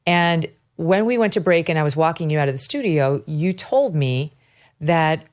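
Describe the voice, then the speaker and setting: Woman, interview host, very low voice, conversational, restarts phrases. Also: animated, moderate pace. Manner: searching, restarts phrases while building a question.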